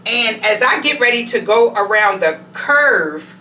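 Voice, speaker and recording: Woman doing a storytime vlog, bright voice, echoey bathroom, camera kinda far off. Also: on the high side, unhurried, slight background noise. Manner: animated, conversational storytelling. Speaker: vlogger. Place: home bathroom.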